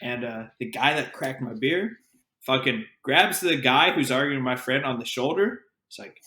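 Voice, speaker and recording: Man, podcast co-host, bright tense voice, swearing storyteller, echoey room. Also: medium pitch, moderate pace. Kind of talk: casual storytelling chat. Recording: roomy echo.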